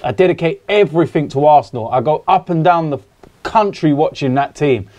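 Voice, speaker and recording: A man's voice: fairly high pitch, a little fast, darkish tone. A man from England in a casual podcast chat, talking bluntly and passionately and swearing freely. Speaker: podcast guest.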